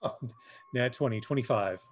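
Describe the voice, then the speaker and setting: A man playing a tabletop game, careful and deliberate, with many hesitations. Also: medium pitch, background noise. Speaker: player. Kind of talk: casual tabletop game play.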